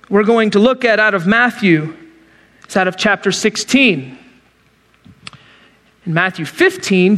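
Middle-aged male pastor, very high voice, lively storyteller who acts out the scenes, long reverb. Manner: animated storytelling, acts out quotes in character voices. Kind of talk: sermon.

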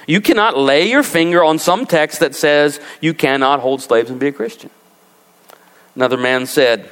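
A man preaching a sermon as pastor, animated and rising to emphatic peaks. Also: a little high, normal speed, smooth. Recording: long reverb of a large hall.

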